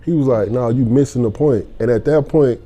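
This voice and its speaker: Dark-voiced man telling a story. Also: mid-range voice, a little fast. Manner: earnest storytelling, acts out quotes. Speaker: podcast guest. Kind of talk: casual podcast chat.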